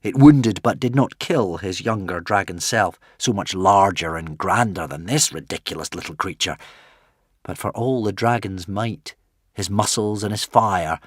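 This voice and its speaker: A man narrating a fantasy audiobook in an expressive, dramatic way. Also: deep voice, a little slow, no echo, clean studio sound. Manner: dramatic, varied delivery.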